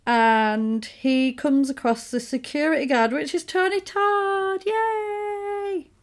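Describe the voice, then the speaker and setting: A woman chatting casually, retelling a film plot and acting out the characters' lines. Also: high voice. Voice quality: animated storyteller, acts out characters' lines in quick voices. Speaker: podcast co-host recapping a film. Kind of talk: casual chat.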